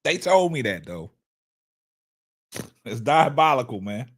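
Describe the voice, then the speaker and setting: A man hosting a laid-back sports call-in livestream, talking in at a middle pitch. He circles back over his own phrases and sounds choked up and a little hoarse. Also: takes it slowly. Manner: animated, repetitive, reads chat aloud. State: choked up, coughing. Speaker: livestream sports show host. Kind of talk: casual call-in livestream talk.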